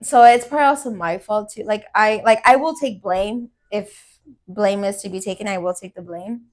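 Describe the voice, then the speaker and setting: A woman's voice: medium pitch, moderate pace. A young woman co-hosting a podcast, telling a personal story in casual chat, candid and swearing, with lots of "like" fillers. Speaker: podcast co-host.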